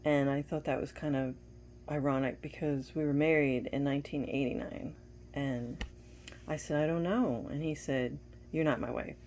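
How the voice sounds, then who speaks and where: A woman's voice: low-pitched, steady tone, normal speed, a little mellow, slight background noise. A woman giving a casual personal update to viewers, telling a story and retelling dialogue with bits of laughter. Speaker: wife giving a family update.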